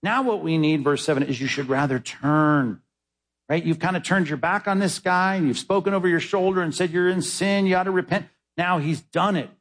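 Emphatic husky-voiced male preacher. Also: a little fast. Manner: emphatic, swings between loud high stresses and low quiet asides. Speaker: pastor. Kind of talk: sermon.

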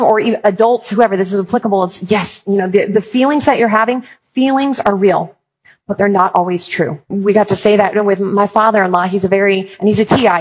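A woman with a husky, slightly breathy voice gives a conversational faith talk on parenting. She tells funny stories and acts out her own quoted lines with lively emphasis. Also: mid-range voice, low-quality recording. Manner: humorous storytelling. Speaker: speaker on Christian parenting.

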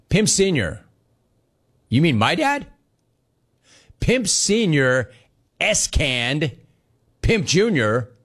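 A man hosting a sports talk show, reading listener messages and telling stories in a jokey, animated, digressive way. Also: medium pitch.

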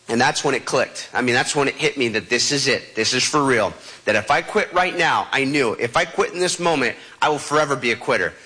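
A man's voice: medium pitch, animated, fairly quick, pushed and bright, husky. A man telling a personal story with vivid, dramatic animation and sound effects, as a motivational speaker.

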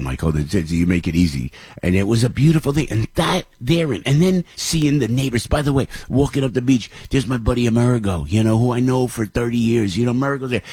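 A man's voice: medium pitch, a little mellow, breathy edge, no room sound. A middle-aged man, hosting and telling a rambling, emotional personal story with frequent repeats and chuckles. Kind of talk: casual storytelling monologue.

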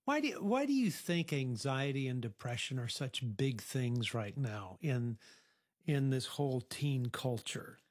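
A man's voice: medium pitch, lively intonation, measured pace, dry recording, studio quality. A middle-aged man interviewing a teenager at a youth program, asking probing, reflective questions. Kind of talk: counseling-style interview.

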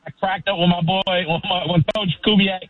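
A man's voice: sits high, level tone, fairly quick, no room sound. A middle-aged man calling into a sports radio show, effusive and rambling, calling the host brother. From Sacramento, California. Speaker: caller. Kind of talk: excited sports call-in chat. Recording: tinny phone line.

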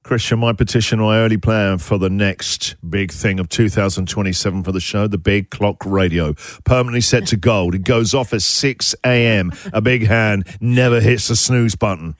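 A man hosting a radio breakfast show from the studio, teasing his co-hosts with quick comic asides. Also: fairly low pitch, no room sound. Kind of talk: joking radio banter.

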